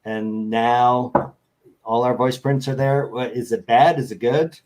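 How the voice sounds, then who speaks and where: A man's voice: medium pitch, steady tone, a little slow, darkish tone. A man chatting as a guest on a show, rambling and joking as he tells stories over a video call. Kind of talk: casual chat.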